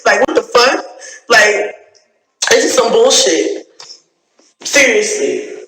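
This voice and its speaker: A woman's voice: a little high, slow pace, a bit bright, slight background noise. A woman YouTuber venting in an angry, profane rant, repeating herself and sounding completely fed up. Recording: roomy echo.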